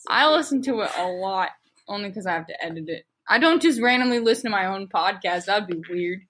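A woman's voice: medium pitch, expressive, brisk, a bit bright, slightly rough. A young woman co-hosting a casual podcast, reading fan fiction aloud in a playful, mock-dramatic way and swearing freely.

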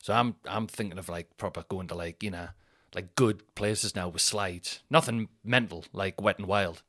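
A man's voice: sits low, moderate pace, a bit bright, dry recording, studio quality. A man, hosting a solo podcast and telling rambling, chatty stories that he laughs at himself. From Northeast England. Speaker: podcast host. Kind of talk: solo casual storytelling.

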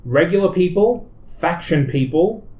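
Game master with a roomy echo. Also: male voice, high voice, animated, measured pace, phone-quality sound. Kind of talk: narrating a tabletop game.

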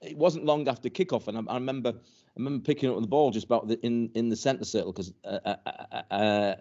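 A man's voice: mid-range voice, fast, warm tone. An older man, a former footballer telling stories in a casual interview, stumbling and repeating words as he goes. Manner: rambling, many restarts and repeated words, chuckling. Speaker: former professional footballer guest. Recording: dull lo-fi recording.

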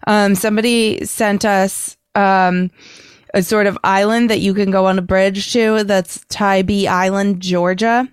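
A woman's voice: mid-range voice, steady tone, a little slow, smooth, no room sound, studio quality. A woman co-hosting a radio show who chats in a friendly, teasing way. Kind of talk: casual chat.

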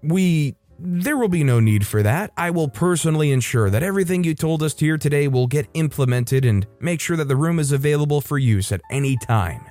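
A man's voice: on the high side, animated, fairly quick, darkish tone, faint music behind, close to an everyday voice. A man voicing a flustered male school principal who stumbles before giving in. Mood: placating. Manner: hesitant, stumbling start.

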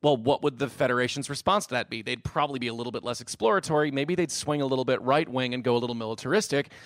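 A man co-hosting a podcast, talking excitedly about films, swearing often and laughing a lot. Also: medium pitch, racing, no echo. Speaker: podcast co-host. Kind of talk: casual podcast chat.

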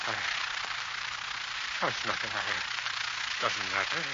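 A man's voice: on the low side, lively intonation, slow. An actor playing a nervous man who is tormented by a voice, stammering and swinging into outbursts, in 1940s radio acting. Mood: frantic. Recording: hissy, muffled 1940s radio recording.

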